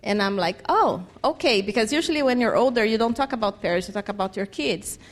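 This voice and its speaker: A woman tells a personal testimony. Her delivery is animated, and her pitch climbs as she acts out the conversations she recounts. Her English has some phrasing, and her voice sits in a middle register. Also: quick pace. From Brazil. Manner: animated storytelling, acts out quoted dialogue, non-native phrasing. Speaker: church mission trip member.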